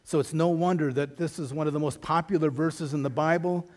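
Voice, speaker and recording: A man's voice: fairly high pitch, fairly even intonation, brisk, darkish tone. A middle-aged man preaching a sermon as a pastor, in a conversational storytelling manner with wry humor.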